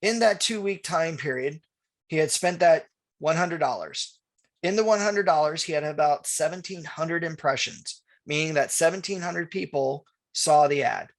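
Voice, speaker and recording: A man's voice: a little high, moderate pace. A middle-aged man teaching real estate agents, telling a story with quoted dialogue and answering viewer questions. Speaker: real estate marketing trainer. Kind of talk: webinar presentation with anecdote and Q&A.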